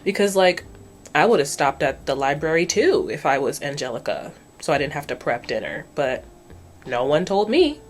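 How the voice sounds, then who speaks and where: A woman casually recapping a cartoon episode as a video host, chatty and expressive, with some swearing. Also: low voice, normal speed, a little hiss or hum. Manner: chatty and expressive, swears, slips into characters' voices.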